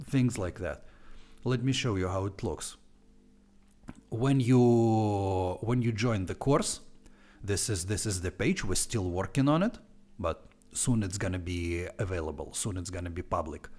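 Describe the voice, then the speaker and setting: Animated man with a heavy Russian accent. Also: lowish voice. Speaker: online language teacher. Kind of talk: live-stream course walkthrough.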